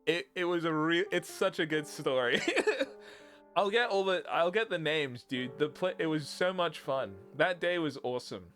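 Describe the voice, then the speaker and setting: A man's voice: fairly high pitch, moderate pace, a bit bright, faint music behind. A young British man, a streamer, rambling through a casual chat and laughing often. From Britain.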